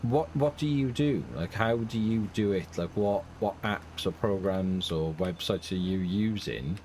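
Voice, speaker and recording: Middle-aged man, casual let's-play chat, rambling and self-deprecating, lowish voice, faint background hum. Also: unhurried, a little mellow. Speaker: gaming channel host.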